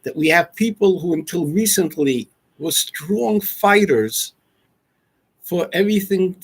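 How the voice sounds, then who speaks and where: A male talk show host with a husky voice pitched high for a man. He speaks deliberately and with emphasis, repeating words as he builds each point and puts questions to his guest. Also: expressive. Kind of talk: interview questions.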